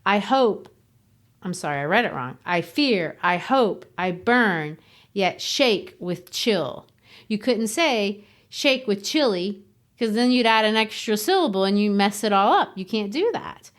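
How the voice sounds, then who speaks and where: A woman's voice: medium pitch, expressive, a little slow. A woman who teaches, co-hosting a podcast in a casual, explanatory way and tapping out rhythms as she explains.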